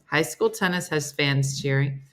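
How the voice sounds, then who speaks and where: A woman's voice: low voice, a little slow. A woman hosting a casual live-stream chat, reading viewer comments aloud and answering them. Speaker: host.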